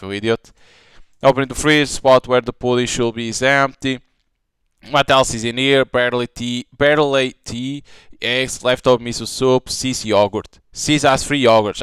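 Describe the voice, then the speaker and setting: A man's voice: fairly bright tone, smooth, no echo. A man giving live game commentary and reading the story's lines aloud. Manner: reads all characters in one voice, raising pitch for dialogue.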